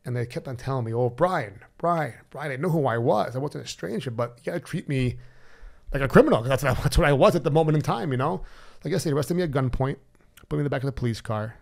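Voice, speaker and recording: Man, podcast guest, candid storytelling, blunt, swears, mid-pitched voice. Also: very fast, creaky. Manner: animated, blunt, swears freely; acts out remembered dialogue.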